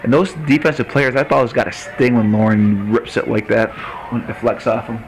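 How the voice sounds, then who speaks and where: A man calls a local high school game play by play, chatty and quick to joke with his partner. His voice sits in the middle of the range. The broadcast carries clear background noise from the outdoor field. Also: low-quality recording. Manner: chatty, joking with co-announcer. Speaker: play-by-play announcer. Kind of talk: local sports commentary.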